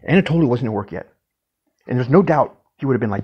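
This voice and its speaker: A man with a husky voice tells a personal story in a casual, intense way, swearing for emphasis. His pitch sits in an ordinary middle range. The recording sounds slightly dull and lo-fi. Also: expressive, very fast.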